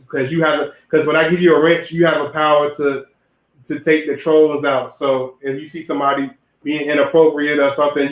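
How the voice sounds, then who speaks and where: Man streaming advice over a tinny, roomy line. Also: fairly high pitch. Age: young adult. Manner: rambling, repeats and restarts phrases, addresses chat directly. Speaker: livestream host giving zodiac relationship advice. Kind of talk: casual livestream talk to viewers. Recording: roomy, phone-like lo-fi audio.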